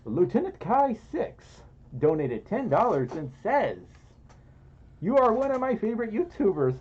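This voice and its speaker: A man's voice: high voice, sing-song, unhurried, a little mellow, husky. A man hosting a casual livestream in a fursuit, reading donations aloud in a playful, giggly, self-deprecating way. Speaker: streamer. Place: indoors, in a fursuit. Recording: muffled audio.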